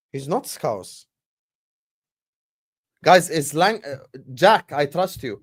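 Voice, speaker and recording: A man's voice: on the high side, lively intonation, slow, long pauses, no room sound, clean studio sound. A man hosting a casual football livestream, chatting with viewers and slipping in Arabic phrases. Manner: chatty, talks to the chat, switches into Arabic phrases. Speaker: football stream host.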